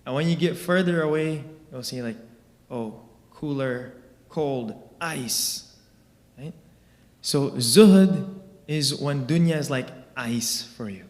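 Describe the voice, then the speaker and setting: A man's voice: fairly high pitch, unhurried, darkish tone. A man giving a religious class in a conversational way, explaining with everyday examples and often asking "right?" to check in with listeners. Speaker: religious teacher. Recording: long reverb of a large hall.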